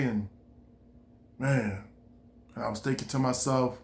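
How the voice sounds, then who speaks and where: Gravelly man rambling through a story. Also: mid-range voice, steady tone, a little slow, long pauses. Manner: rambling, repetitive, quoting himself. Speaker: vlogger. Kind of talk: casual storytelling.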